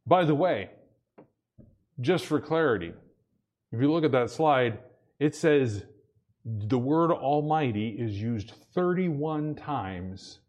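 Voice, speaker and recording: A male pastor delivers his sermon in a loose, conversational manner. He keeps checking in with the congregation and slips into small acted-out scenes. His voice sits at an ordinary middle pitch. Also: lively intonation, slow pace, long pauses, a little mellow, dull audio. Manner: conversational preaching with frequent "amen?" and acted asides.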